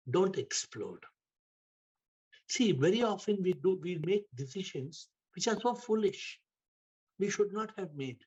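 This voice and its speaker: A man giving a spiritual talk, telling stories with emphatic repetition and sudden shifts in loudness. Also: high voice, slightly rough, lo-fi sound. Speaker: spiritual teacher. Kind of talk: spiritual talk to an online audience.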